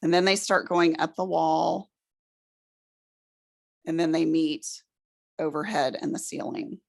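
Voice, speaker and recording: Calm, slow woman with a gravelly voice. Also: deep voice. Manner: slow, calm, soothing instructions. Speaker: speaker leading a guided exercise. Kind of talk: guided relaxation exercise. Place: presentation room with an audience.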